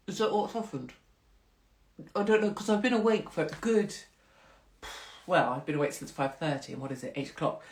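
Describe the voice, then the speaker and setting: A woman's voice: medium pitch, reverberant. Chatty, swearing middle-aged woman livestreaming. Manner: chatty, rambling, swears freely, self-mocking. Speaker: host of a live social-media stream. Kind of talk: casual chat with live viewers.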